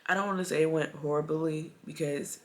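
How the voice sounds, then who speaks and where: A woman in her late twenties talking to camera in a personal vlog, soft and halting with sighs, holding back tears. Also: low-pitched, fairly even intonation. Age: late 20s. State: tearful, holding back crying. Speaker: vlogger.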